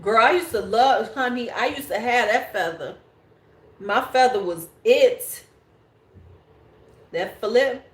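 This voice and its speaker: A woman's voice: on the high side, takes it slowly, pauses often. A woman in her forties hosting a beauty livestream, chatting casually and bluntly with viewers and swearing freely. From United States. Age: 40s. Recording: echoey room.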